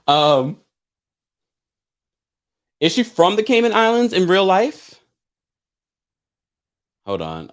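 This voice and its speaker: Animated man hosting a chatty live stream. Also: mid-range voice. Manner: animated, laughing, chatty asides to viewers. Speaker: live recap show host. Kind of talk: casual live-stream chat reading viewer comments.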